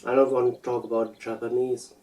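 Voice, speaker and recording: A man from Germany with a German accent, speaking unscripted personal reflections in a hesitant, halting way with repeated words. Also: medium pitch, level tone, mellow, distant mic, low-quality recording. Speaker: video essayist.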